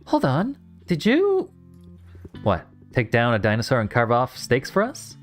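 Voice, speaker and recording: A man's voice: mid-range voice, huge pitch swings, unhurried. A man reading the lines of a cheerful young woman who runs a potion shop, in an earnest, friendly way. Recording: faint guitar music behind.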